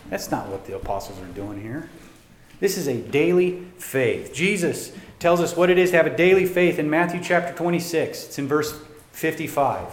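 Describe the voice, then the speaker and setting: A man's voice: fairly high pitch, expressive, normal speed, a little hiss or hum. Man preaching in an echoey room. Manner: preaching with dynamic swings between loud emphasis and quiet asides. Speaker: pastor. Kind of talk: sermon. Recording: echoey room with faint ambience.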